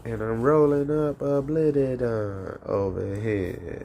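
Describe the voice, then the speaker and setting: A man's voice: medium pitch, slow pace, mellow, a little hiss or hum. A man hosting a call-in livestream, rambling casually with profanity and frequent laughter. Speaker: call-in show host.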